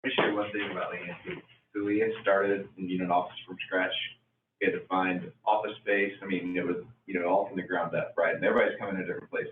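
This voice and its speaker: Deep-voiced man, encouraging. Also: flat delivery, fast, a little hiss or hum. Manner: encouraging, casual. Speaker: business coach. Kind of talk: encouraging talk to an audience. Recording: far-off, echoey, phone-like hall audio.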